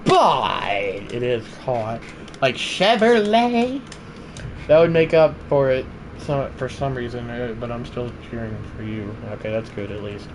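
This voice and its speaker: A young man streaming live gameplay commentary, swinging between loud outbursts and low muttering to his viewers. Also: animated, unhurried, a little hiss or hum. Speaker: livestreamer.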